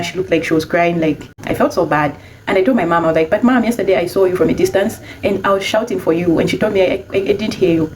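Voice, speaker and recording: A young adult woman casually telling a personal story, chatty and animated when she quotes herself. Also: on the low side, a little hiss or hum, rough recording.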